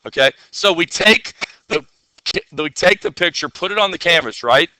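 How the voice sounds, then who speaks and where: A man's voice: fairly high pitch, animated, normal speed, bright, forceful tone, smooth, dry recording. A man teaching a classroom coding lesson, asking his students questions and answering them himself.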